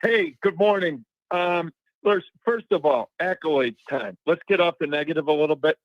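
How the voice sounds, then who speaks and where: A man's voice: a little high, normal speed, no room sound. Emphatic male caller on a dull line. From Chicago. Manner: earnest, emphatic. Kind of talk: call-in opinion. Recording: dull dry phone line.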